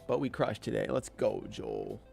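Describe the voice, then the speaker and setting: A man's voice: lowish voice, wildly swooping pitch, moderate pace, creaky, darkish tone, soft background music. A man hosting a live day-trading stream, chatting casually and hyping up viewers in slangy, upbeat talk. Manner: hype, calls viewers "King", slangy and upbeat. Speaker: day-trading livestream host.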